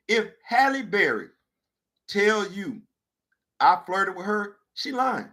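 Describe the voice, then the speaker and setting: A man hosting a talk show relates a comedic anecdote at a measured pace, full of animation. He alternates low mutters with loud outbursts and repeats phrases to stress them.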